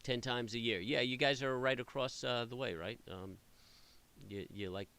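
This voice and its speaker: Rambling, bright-voiced man chatting. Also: medium pitch, normal speed, smooth. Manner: rambling, many fillers and restarts. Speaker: trading stream host. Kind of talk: casual chat with live viewers.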